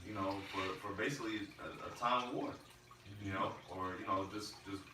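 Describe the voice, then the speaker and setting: Man, lower bright voice, hesitant and halting; far mic, echoey room. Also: fairly even intonation. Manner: halting, searches for words. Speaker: discussion participant. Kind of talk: casual religious discussion. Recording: roomy and distant with faint noise.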